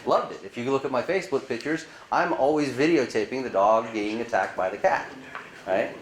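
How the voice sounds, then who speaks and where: Animated man presenting in a roomy hall. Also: mid-range voice, fairly quick, slight background noise. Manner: animated storyteller acting out dialogue; asks the audience rhetorical questions. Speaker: conference speaker. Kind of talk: conference presentation to a live audience. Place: conference room.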